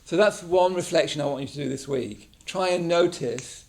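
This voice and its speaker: Speaking at a moderate pace, a man with a slightly high, darkish voice leads a mindfulness session in a meditation class room. He's English and conversational, regularly checking in with the group by saying "yeah?".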